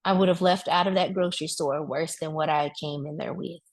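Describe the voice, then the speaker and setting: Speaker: woman with a lowish voice, giving a motivational grief talk in a loose, colloquial preaching style. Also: fairly quick. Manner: conversational preaching, addresses the crowd directly; relaxed colloquial speech with vivid asides. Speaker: speaker at a wellness event.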